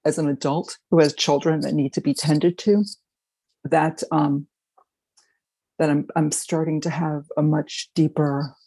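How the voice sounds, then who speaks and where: A middle-aged woman sharing her recovery story, speaking in an emotional, halting and reflective way. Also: deep voice, flat delivery, mellow, slightly rough, no echo, low-quality recording. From Baltimore, Maryland. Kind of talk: personal sharing.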